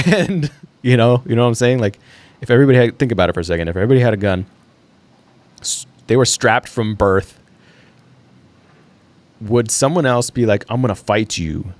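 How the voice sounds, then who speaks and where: A man's voice: medium pitch, expressive, a little fast, long pauses, dry recording. A young man hosting a casual solo livestream, thinking aloud in a rambling way with fillers and the odd laugh. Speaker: livestream host.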